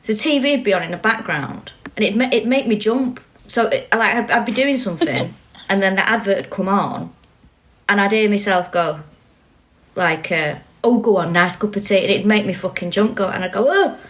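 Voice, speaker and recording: A woman's voice: medium pitch, moderate pace, fairly bright tone. A woman in her forties with a Manchester accent, co-hosting a podcast in casual chat, blunt and sweary, laughing often. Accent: Mancunian. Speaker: podcast co-host.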